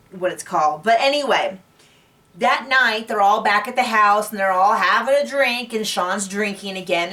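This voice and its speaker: Female recap host, casual and giggly, lots of filler words, mid pitch, slightly distant mic. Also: fairly bright tone. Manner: chatty, giggly, many fillers and restarts.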